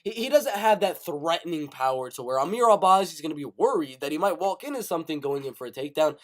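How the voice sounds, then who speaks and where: A man hosting a casual live show, giving animated, rapid-fire fight predictions with play-by-play bursts. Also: on the high side. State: coughing, sick. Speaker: MMA prediction show host. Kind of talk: casual live-stream commentary.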